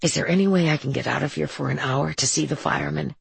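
Woman doing a resolute young woman, measured and careful, low husky tone, audiobook. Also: no echo, full character voice.

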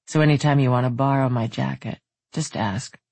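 A narrator voicing a strong, tender, confident man who talks in a low rumbling murmur, read in a dry, husky voice. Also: fairly even intonation, moderate pace, darkish tone, no room sound.

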